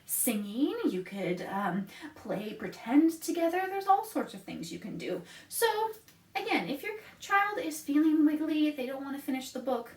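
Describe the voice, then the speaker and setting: A woman leading a children's storytime, reading aloud, singing and laughing often in a bright, sing-song way. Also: high voice, very animated, moderate pace. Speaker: children's librarian. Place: library room. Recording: echoey room, somewhat far from the mic.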